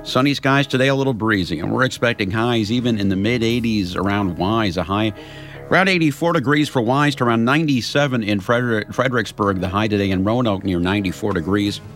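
A man hosting local radio news, reading headlines and the weather forecast in a steady announcer delivery. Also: on the low side, fast, soft background music.

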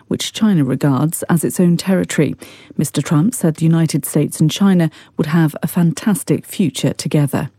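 A woman's voice: deep voice, warm tone, no room sound, clean studio sound. Woman reading a formal news bulletin. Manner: measured and formal. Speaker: newsreader.

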